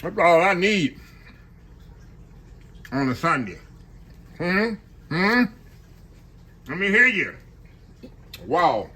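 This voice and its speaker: A man's voice: high-pitched, sing-song, drawn-out words, pauses often, bright, forceful tone, husky. A man chatting casually to his viewers while cooking at home in his kitchen. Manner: chatty, talks to viewers as "y'all". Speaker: home cook.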